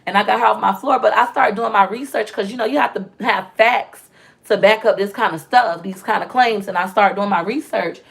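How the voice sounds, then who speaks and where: A woman's voice: mid-range voice, a little fast, creaky. A woman talking candidly to camera, telling personal stories in a casual vlog and acting out the voices of people she quotes. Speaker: vlogger and mother.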